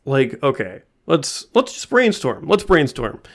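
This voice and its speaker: Man, podcast co-host, very slow delivery, dry and deliberate. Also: medium pitch, sing-song. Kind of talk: casual chat.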